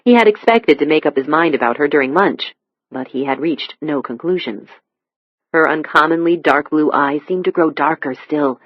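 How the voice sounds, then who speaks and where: An audiobook narrator reading a thriller in a steady, measured way. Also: medium pitch, dry recording, lo-fi sound. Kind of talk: scripted narration.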